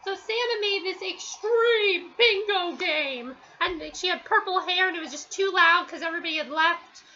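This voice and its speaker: A woman's voice: very high-pitched, normal speed, sharp tone, lo-fi sound. A woman giving a casual, rambling spoken review at home, with many fillers and restarts. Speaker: TV episode reviewer.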